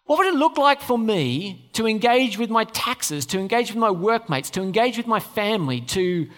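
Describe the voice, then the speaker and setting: A man's voice: high voice, sing-song, moderate pace, a bit bright. A pastor preaching a conversational sermon to his church, often turning questions to the listeners. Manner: conversational, asks the audience questions. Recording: long hall reverb.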